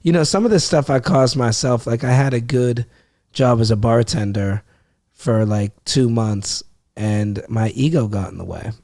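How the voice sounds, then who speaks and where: Animated young man telling a story. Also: medium pitch, moderate pace, no echo, studio quality. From Ohio. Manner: animated, acts out quotes, swears freely. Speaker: comedian guest. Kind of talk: casual podcast storytelling.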